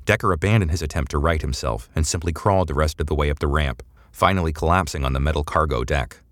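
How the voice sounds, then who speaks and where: A man reading a sci-fi adventure serial in a measured, dramatic way. His voice is extremely deep, and the recording is dry and close to the mic. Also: a bit bright, no room sound. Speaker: audiobook narrator. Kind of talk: scripted narration.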